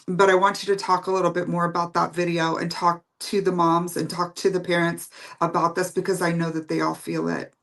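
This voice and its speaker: A woman hosting an interview, speaking gently and haltingly as she searches for words. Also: fairly low pitch. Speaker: host. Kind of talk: interview talk.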